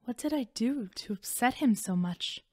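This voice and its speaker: A woman's voice: fairly high pitch, lively intonation, moderate pace, slightly rough, no room sound. A woman voicing a guilt-ridden young warrior. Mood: troubled. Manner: earnest, uncertain confiding. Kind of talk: audiobook voice acting.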